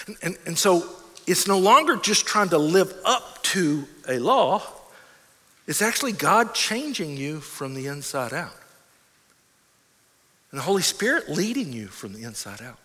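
A man's voice: a little high, big pitch swings, unhurried, pushed and bright, long reverb tail. A man preaching a sermon in a conversational way, often acting out the voices of imagined listeners. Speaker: pastor.

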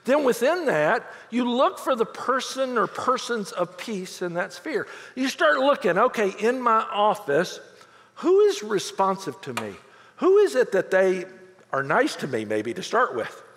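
Animated high-voiced male pastor preaching. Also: measured pace, long reverb tail. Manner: animated storytelling with quoted voices. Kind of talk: sermon.

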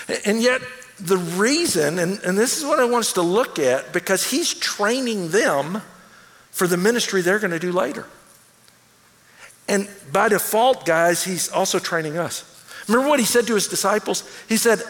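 A male pastor delivering an animated sermon, acting out quoted lines as he goes. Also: sits high, moderate pace. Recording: long hall reverb.

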